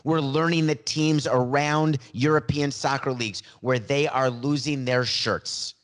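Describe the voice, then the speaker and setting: A man's voice: mid-range voice, steady tone, measured pace, fairly bright tone. A man talks into a studio podcast mic, emphatic and opinionated. His voice sits in an ordinary mid range. He breaks off now and then for wry asides about himself. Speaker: podcast host. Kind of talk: solo podcast monologue.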